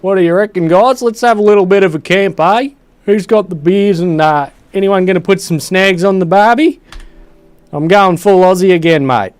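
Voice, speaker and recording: A man's voice: sits high, smooth, no room sound, voice pushed up, natural voice. A man putting on a boisterous, slang-heavy caricature of a jolly Australian bloke. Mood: jovial. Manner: boisterous, slangy, drawn-out exclamations. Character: loud over-the-top Aussie bloke, jovial adult man.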